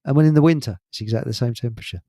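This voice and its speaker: A man from England with a Hertfordshire accent hosts a casual chat, his medium-pitched, warm voice racing along. He rambles, chuckles often and trails off mid-sentence. The recording is dry, with clean studio sound.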